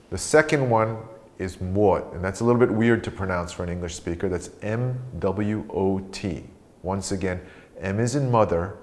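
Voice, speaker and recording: Calm low-voiced male meditation teacher. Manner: slow, calm guiding voice. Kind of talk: guided meditation instruction.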